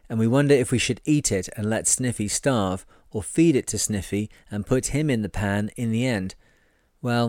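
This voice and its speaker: A man reading a sailing memoir aloud in a measured, wry first-person delivery. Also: fairly low pitch, darkish tone, dry recording, clean studio sound. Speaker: reader.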